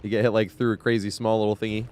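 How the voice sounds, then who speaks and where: A man's voice: fairly low pitch, flat delivery, fast talker, darkish tone, a little hiss or hum. Chatty man streaming a game, laughing often. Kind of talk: casual live-stream commentary.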